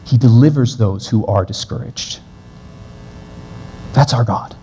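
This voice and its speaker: A man preaching a sermon as pastor, earnest, moving between brisk stretches and slow, gentle passages. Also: medium pitch, slight background noise. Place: church.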